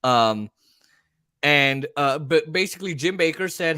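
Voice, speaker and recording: A man hosting a talk show, ranting in a rambling, animated way and slipping into mocking voices. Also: fairly high pitch, a little slow, no echo, clean studio sound. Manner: animated, rambling, mimics voices mid-rant. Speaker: podcast host. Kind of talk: opinionated casual talk show chat.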